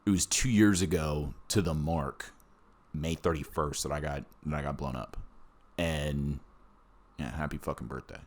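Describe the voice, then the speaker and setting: A man's voice: rumbling low, steady tone, moderate pace. A man, a war veteran, telling his story in casual, profane podcast chat, blunt and often laughing.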